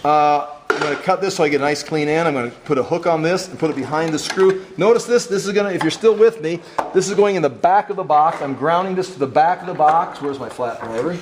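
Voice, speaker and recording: A man's voice: a little high, fast. A man teaching a hands-on wiring class, explaining each step and checking that his students are following. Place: classroom workshop. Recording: echoey classroom, faint noise.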